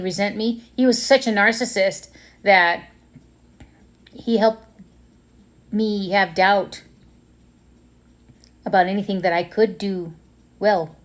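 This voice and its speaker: A woman in her fifties talking candidly and emotionally in a personal reflective monologue, pausing and restarting as she goes. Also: mid-range voice. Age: 50s. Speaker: vlogger.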